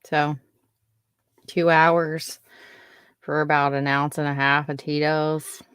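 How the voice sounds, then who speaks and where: A woman's voice: low-pitched, flat delivery, slow pace, fairly bright tone, clear, resonant tone, dry recording, studio quality. A young adult woman hosting a podcast, giving a casual spoken update in a rambling, giggly way that keeps interrupting itself. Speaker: podcast host.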